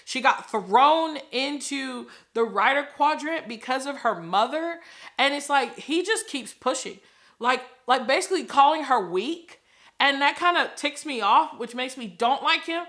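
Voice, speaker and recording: Young woman, high voice, bright tone, animated casual vlog chat, laughs often. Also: measured pace. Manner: animated, laughing, acts out reactions. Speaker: book vlogger.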